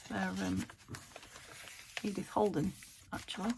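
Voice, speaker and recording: Very gravelly British woman crafting. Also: mid-range voice, fairly even intonation, a little slow, noisy background. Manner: chatty, thinks aloud while working. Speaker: craft channel host. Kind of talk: casual crafting chat. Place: home craft table.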